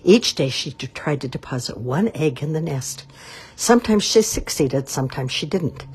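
Low, husky woman reading a children's book aloud. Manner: expressive, measured read-aloud. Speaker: storyteller.

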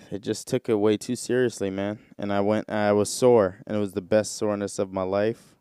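A man rambling through a casual solo podcast, full of slang and "bro." His voice is smooth and resonant. The sound is close and dry, with no room around it. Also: lowish voice, level tone, moderate pace, mellow, no echo. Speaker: podcast host.

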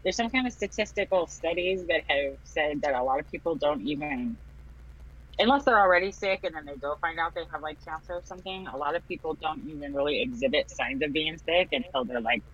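A man's voice: fairly high pitch, brisk, fairly bright tone. A man, a father, telling a rambling story in casual group chat, full of fillers and swearing. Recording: dull lo-fi sound with faint noise.

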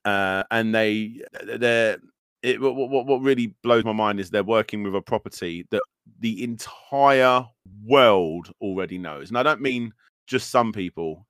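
A man's voice: lowish voice, a little slow, a bit bright, clear, resonant tone, dry recording, studio quality. A man in his thirties, a podcast host ranting animatedly in casual chat, with many fillers.

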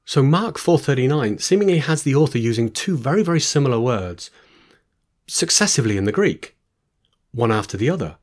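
A man's voice: mid-range voice, big pitch swings, a little fast. A man giving a Bible teaching, reading verses aloud and then explaining them with informal asides and restarts. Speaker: preacher.

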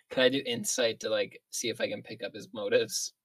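Cautious questioning player, mid-pitched, dry sound. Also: fairly bright tone, dry recording. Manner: cautious, asks many questions. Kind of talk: casual tabletop game chat.

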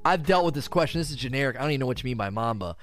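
A man with a mid-range voice streams casual gaming commentary, firing off answers to community questions at a rapid clip. It turns into an animated, exasperated rant with frequent repetitions.

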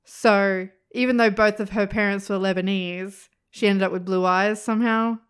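A woman's voice: medium pitch, fairly even intonation, moderate pace, clean tone. A woman co-hosting a podcast, chatting casually, reading out quotes and swearing freely. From Australia. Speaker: podcast co-host. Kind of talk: casual chat.

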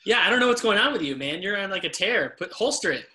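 A man co-hosts a live podcast, ribbing his partner and tossing out questions in loose, joking chat. His voice is very bright and sharp-edged. It sits a bit higher than most men's. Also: animated, quick pace. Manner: joking and teasing. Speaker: podcast co-host.

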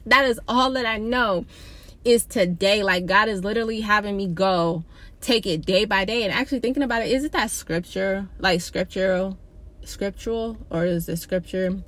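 Young woman, casual faith vlog, rambling, candid, addresses viewers directly, mid pitch. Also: normal speed, a bit bright. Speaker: vlogger sharing a personal faith story.

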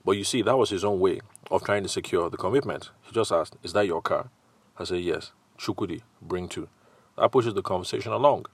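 A Nigerian-accented man talks through his solo podcast, slipping into little acted-out exchanges with customers and salesmen. His voice sits very low. The sound is dry, with no room echo. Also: a little fast. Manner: conversational, acts out quoted customers and salesmen. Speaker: podcast host and sales consultant.

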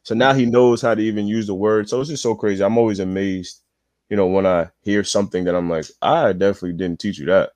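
A man's voice: on the low side, steady tone, fast, a little mellow, no room sound. A man, a father, chatting as a podcast guest, earnestly telling stories about his son. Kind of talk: casual chat.

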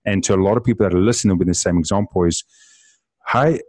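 A man's voice: low voice, quick pace, darkish tone, no room sound. A man hosting a podcast interview, asking long rambling questions and giving short acknowledgments. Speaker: podcast host.

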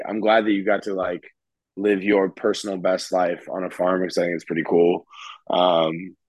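A man co-hosting a casual chat, animated and quick to laugh. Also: sits low, no room sound, rough recording. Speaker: podcast co-host. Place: California.

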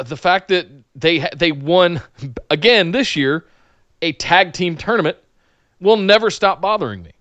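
A man's voice: fairly high pitch, a bit bright, no echo, lo-fi sound. Opinionated man co-hosting a podcast. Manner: opinionated, gushes with enthusiasm. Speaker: wrestling podcast co-host. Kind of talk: casual opinionated chat.

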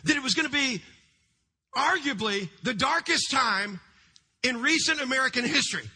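A middle-aged man, a pastor, preaching a sermon in a large church, with fervent swings between loud cries and hushed storytelling. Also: very high voice, animated, moderate pace, slightly rough.

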